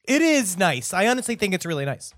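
A man co-hosting a podcast in casual comedic chat, rambling and trading crude deadpan jokes. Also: sits high, a little fast, no echo, studio quality. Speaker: podcast co-host.

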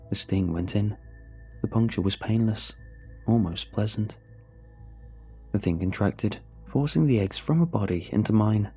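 A man narrating a horror story in first person, with steady, measured storytelling. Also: fairly low pitch, slightly rough, soft background music.

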